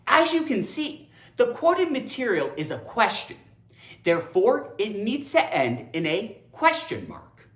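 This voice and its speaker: A woman's voice: fairly high pitch, a little slow, roomy sound. A woman teaching English grammar in a playful video lesson, theatrical and talking straight to her viewers. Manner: animated, theatrical, addresses viewers directly.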